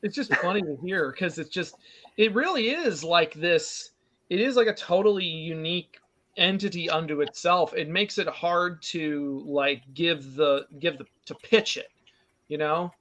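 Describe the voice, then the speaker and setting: Bubbly high-voiced guest on a video call. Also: male voice, unhurried, fairly bright tone. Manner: bubbly, laughs often. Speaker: guest comic artist. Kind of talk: casual chat.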